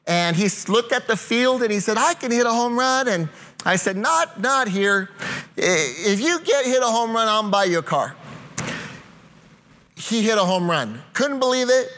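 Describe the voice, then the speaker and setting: A pastor with a high-pitched voice preaches a sermon in an earnest tone. The man slows right down to stress each point, then rattles quickly through a family story. He sounds to be in his thirties or forties. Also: bright, forceful tone. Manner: earnest, shifts between slow emphatic lines and quick storytelling.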